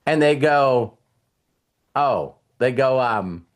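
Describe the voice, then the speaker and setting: A middle-aged man speaks in the loose, personal way of a motivational coach. He recounts his own past and voices what he said back then, with restarts and asides to his listeners. His pitch sits in an ordinary middle range for a man. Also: lively intonation, very slow. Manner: storytelling, acts out his younger self in quotes. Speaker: host and life coach. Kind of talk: casual motivational talk.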